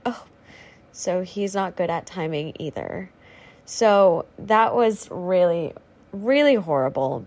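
Young woman host, casual rambling rant, swears a lot, cheap home mic. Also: mid-range voice. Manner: chatty, swears freely, rambling with many fillers. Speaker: podcast host. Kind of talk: casual ranting monologue. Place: at home with a squeaky chair. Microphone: faulty home microphone.

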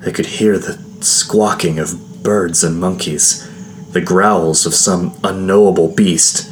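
A man narrating a first-person fantasy adventure in a steady, measured storytelling voice. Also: deep voice, a little hiss or hum. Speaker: audiobook narrator.

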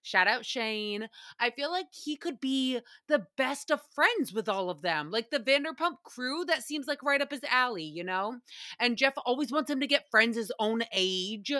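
A young woman hosts her podcast in a loose, chatty recap style, cursing freely and laughing often. Her voice is bright and slightly high. The sound is dry and close, with no room around it. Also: animated, normal speed, dry recording. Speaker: podcast host. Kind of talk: casual TV recap chat.

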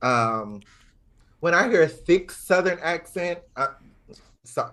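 A man's voice: a little high, lively intonation, slow pace, a bit bright. A man from Georgia in the American South, hosting a casual podcast chat, playful and teasing. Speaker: podcast host.

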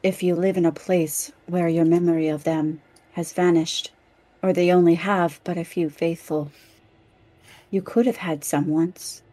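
A woman voices her character in a tabletop game, speaking in a measured way. Her voice sits on the low side. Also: fairly even intonation, dark tone, dry recording. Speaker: player. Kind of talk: casual tabletop role-play.

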